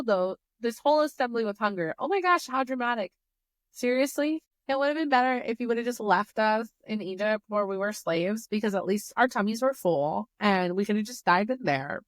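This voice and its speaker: A young woman reads scripture aloud in a relaxed study session, then drops into quick, sarcastic commentary between the verses. Her voice sits in an ordinary middle range, recorded close and dry with no room sound. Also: mid-range voice, dry recording. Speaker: Bible study host. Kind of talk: casual Bible reading with commentary.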